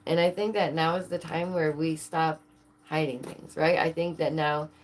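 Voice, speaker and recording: Woman vlogger, low-ish voice, casual and excitable, rhetorical questions, quick laughs. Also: a little hiss or hum. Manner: excitable, asks viewers many rhetorical questions, laughs often. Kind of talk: casual chat to camera.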